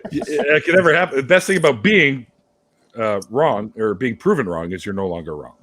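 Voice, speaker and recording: Husky-voiced man hosting a casual chat. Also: medium pitch, expressive, brisk, a bit bright. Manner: joking, tripping over words. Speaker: host. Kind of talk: casual live-stream chat.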